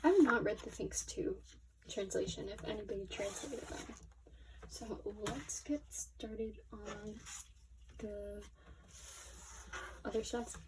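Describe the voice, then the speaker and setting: A young woman unboxing albums at her desk in casual commentary. She gushes excitably, her voice shaky, often dropping to a near whisper. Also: medium pitch, takes it slowly, pauses often, background noise. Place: small room at her desk.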